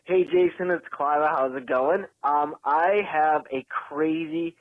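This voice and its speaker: A man's voice: fairly high pitch, fairly even intonation, takes it slowly, dry recording. Frustrated man ranting over a phone line. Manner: frustrated, rambling. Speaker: caller. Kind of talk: voicemail rant.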